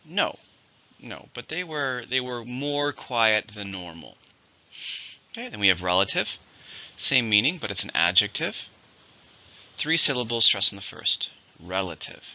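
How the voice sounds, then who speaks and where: A man teaching an English vocabulary lesson, slowing down to stress each syllable as he models new words. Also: medium pitch, big pitch swings, sharp tone, highs cut off.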